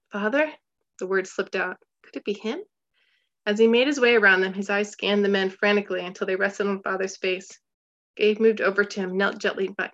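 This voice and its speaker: A woman narrating a children's storybook in a steady, measured voice of middling pitch. She slows her pace for tense moments. The recording is slightly muffled. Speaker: audiobook narrator.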